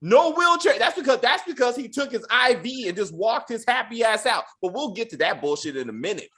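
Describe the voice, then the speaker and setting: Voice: medium pitch, sing-song, fairly quick, a bit bright. A podcast host ranting casually and with a lot of profanity while reviewing a TV episode. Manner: profane, exasperated ranting with acted-out quotes.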